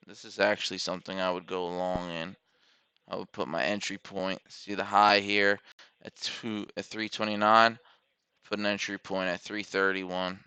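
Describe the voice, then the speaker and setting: A man talks through his trades in a slow, unhurried way, with a bright, very clear voice in a dry, close sound. He mutters to himself and corrects his own numbers as he places orders. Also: low-pitched, dry recording. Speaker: day trader streaming live trades. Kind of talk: live trading commentary, thinking aloud.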